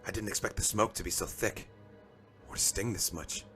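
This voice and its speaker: A man's voice: lowish voice, steady tone, normal speed, pushed and bright, soft background music. A man voicing a young, earnest, slightly unsure female Jedi knight in a comic read-aloud.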